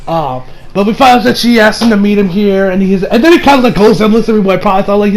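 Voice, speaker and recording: A man's voice: sits high, quick pace, poor audio. A man giving a casual, rambling anime episode recap, full of fillers and restarts. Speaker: anime reviewer.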